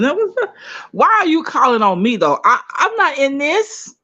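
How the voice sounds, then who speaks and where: A woman's voice: high-pitched, very animated, moderate pace, pushed and bright, dull audio. A woman calling in to a livestream, answering defensively and getting flustered. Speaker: caller.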